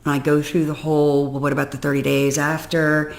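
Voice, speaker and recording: A woman telling a candid personal story to the camera, venting and emotional, dropping low and weary, then rising loud and exasperated. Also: flat delivery, a little fast, vocal fry. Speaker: personal development vlogger.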